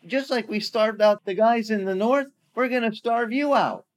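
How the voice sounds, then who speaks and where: A boastful Assyrian envoy, a bully who jeers and threatens in a strained, high voice, as a preacher puts him on. His taunts ride well above an ordinary speaking pitch and come out loud and cocky. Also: moderate pace, close to an everyday voice. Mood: threatening.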